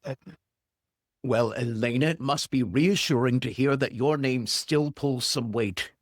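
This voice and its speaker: A performer reading a gentle, encouraging acting teacher in a screenplay table read. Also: medium pitch, unhurried, no echo, studio quality, lightly acted.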